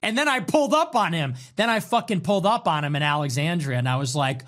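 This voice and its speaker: A man hosting a livestream, reacting to chat messages in a sarcastic, mocking way with quick swings in tone. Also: on the high side, expressive, fairly bright tone. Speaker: livestream host.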